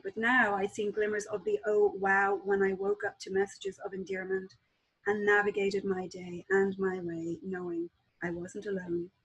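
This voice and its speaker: A woman author talking as a guest on a video call and reading aloud from her own book in a calm, measured way. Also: mid-range voice, creaky, slightly rough, low-quality recording.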